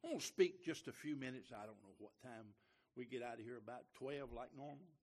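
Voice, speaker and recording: A man preaching a sermon as a visiting preacher in a church, folksy and joking, swinging from quiet asides to loud, emphatic lines. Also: mid-range voice, a little fast. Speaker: guest preacher. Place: church sanctuary.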